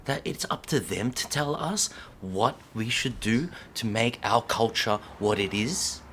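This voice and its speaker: A breakdancer delivering an impassioned, profane rant to camera, swinging between loud outbursts and hushed whispers and repeating lines for emphasis. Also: male voice, mid-range voice, unhurried, a little hiss or hum.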